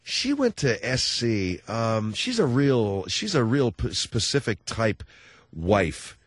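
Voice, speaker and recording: A man hosting a talk radio show, chatting with callers in a rambling, halting way full of fillers and restarts, joking and slipping into mocking voices. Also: medium pitch, very animated, slightly rough, no room sound. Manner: jokey, breaks into mocking voices.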